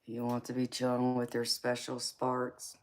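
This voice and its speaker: A woman's voice: a bass voice, monotone, measured pace. A woman with a Georgia accent reading tarot on a livestream, chatting with viewers and calling them honey and sweetheart. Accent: Southern US, Georgia. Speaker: tarot reader hosting a livestream. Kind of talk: casual livestream chat.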